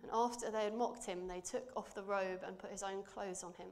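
This woman's mid-range, steady voice carries a church sermon and scripture reading. She is earnest and measured, quieting softly when she wants to emphasize something.

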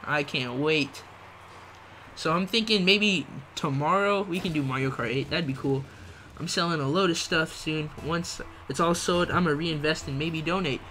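A young man's bright, fairly high voice carries a slangy, easygoing live-stream chat as he reads viewer messages aloud and laughs along. A faint hiss of background noise sits under the desk mic. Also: normal speed. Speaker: gaming livestreamer.

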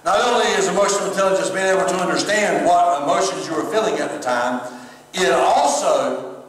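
A man's voice: high voice, fairly quick, distant mic. Man preaching in an echoey hall. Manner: conversational preaching with asides to online viewers. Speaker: pastor and former chaplain. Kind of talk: sermon. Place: church sanctuary, streamed service.

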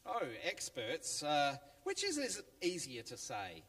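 A man voicing a kind, gentle male teacher who speaks in a slow, drawn-out way. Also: on the high side, wildly swooping pitch, heavily acted. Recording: long church reverb, faint music.

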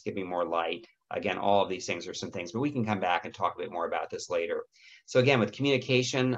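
A middle-aged man with a raspy voice giving a lecture on caring for people with dementia, gentle and often clearing his throat. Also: sits low, dull audio. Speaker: dementia care educator. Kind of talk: lecture presentation with slides.

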